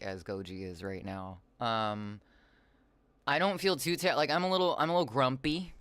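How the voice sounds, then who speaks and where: A man's voice: on the low side, fairly bright tone, clear, resonant tone, dry recording. A man rambling on a casual livestream from home, reading chat messages aloud into a desk microphone, his voice slightly raw. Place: home, with cats nearby.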